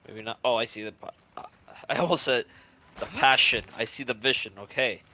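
A man's voice: mid-range voice, a little fast, sharp tone, slight background noise. A man casually commenting as he plays a video game, joking, swearing and laughing often. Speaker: gaming streamer. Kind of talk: casual let's-play commentary. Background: game music and sound effects.

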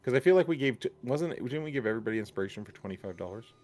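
Game master, man, excitable, swears freely. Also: medium pitch, rapid-fire. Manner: excitable, swears when surprised. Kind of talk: running a tabletop game.

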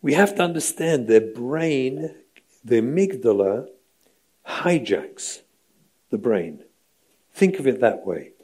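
A man's voice: medium pitch, very animated, slow pace, long pauses, a little mellow, husky. A middle-aged man, a rabbi, giving a training lecture in an emphatic, rhetorical way, often checking in with "right?". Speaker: rabbi lecturing on parenting and education.

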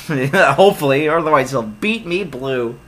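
A man's voice: fairly high pitch, expressive, moderate pace, a bit bright, pitched below the performer's own voice. A man reading the lines of an upbeat young boy game hero, cheerful and offhand.

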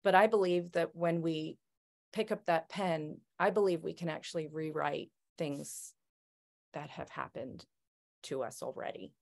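A woman's voice: low voice, unhurried, vocal fry. A woman sharing self-help tips with a group in a thoughtful, casual way, often restarting her sentences. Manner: thoughtful, many restarts and "right?". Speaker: circle member sharing tips. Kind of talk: reflective casual talk.

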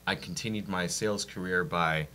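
A man's voice: low voice, moderate pace, pushed and bright. A man from San Diego, a guest on an interview show, talking about his career in an easygoing way. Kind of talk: casual interview.

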